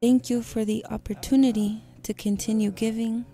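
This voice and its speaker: A woman interpreting a sermon into English live, speaking in short measured phrases with a gravelly voice. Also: on the high side, flat delivery, mellow, faint music behind.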